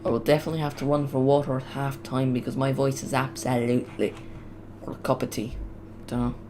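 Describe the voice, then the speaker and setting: A man running a live football watch-along stream, talking in a casual, rambling way and getting louder when the action picks up. His voice cracks and strains as he goes, sitting at a mid pitch. A faint hum of noise runs under him. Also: a little fast. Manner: chatty, rambling, excitable on goals. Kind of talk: live match commentary, casual.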